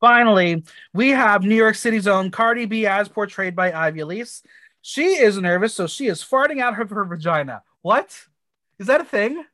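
A woman's voice: medium pitch, moderate pace, fairly bright tone, dry recording, clean studio sound. A woman from the United States co-hosting a podcast, recapping a TV episode in blunt, crude, playful chat with exaggerated reactions. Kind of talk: casual chat.

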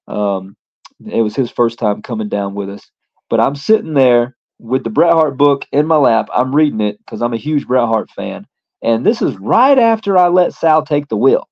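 A man's voice: on the low side, lo-fi sound. A man, a pro wrestler appearing as a guest, telling a casual story in a rambling way with lots of fillers.

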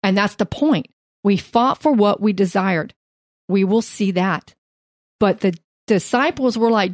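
Woman, podcast co-host, earnest Bible teaching, lively storytelling, dry close sound. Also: mid-range voice, measured pace, no echo.

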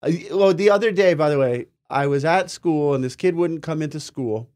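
A man with a smooth, resonant voice pitched a little high co-hosts a spiritual talk show. He tells earnest, meandering personal stories in an easy conversational way. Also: normal speed, darkish tone. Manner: earnest, rambling personal anecdotes.

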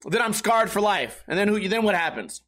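A man telling a funny, profane story in a casual, animated rant. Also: high-pitched, brisk.

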